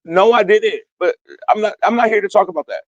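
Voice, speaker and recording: A man's voice: sits high, brisk, dry recording, lo-fi sound. A young man calling into an online talk stream from outdoors, speaking in a profane, emphatic and rambling way, defending himself. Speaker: guest. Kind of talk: heated online call-in talk.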